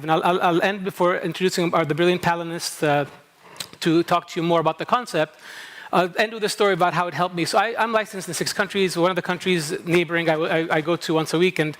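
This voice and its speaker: Introducing a panel in a conference hall, a middle-aged man from Kuwait speaks in a high, somewhat bright voice. A faint New England flavor, picked up at a camp there, colors his English. The talk is conversational and self-interrupting, with frequent "okay?" check-ins with the audience.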